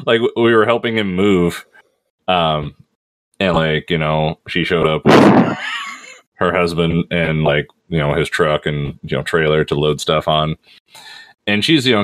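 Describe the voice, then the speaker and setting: A man's voice: low voice, a bit bright, no echo. A man hosting a casual commentary podcast, a rambling storyteller full of fillers who laughs often. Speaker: podcast host.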